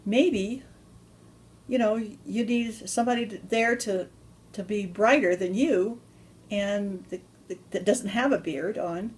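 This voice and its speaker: A woman voicing a bossy but kind witch with a green face in a told story, brisk and rambling. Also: medium pitch, darkish tone, lightly acted. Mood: coaxing.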